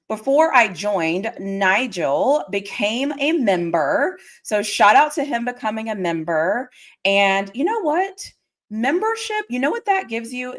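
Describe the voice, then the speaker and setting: Chatty woman with a lively, bouncing voice. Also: on the high side. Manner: chatty, excitable, squeals greetings to viewers. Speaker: livestream host. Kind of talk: casual livestream chat.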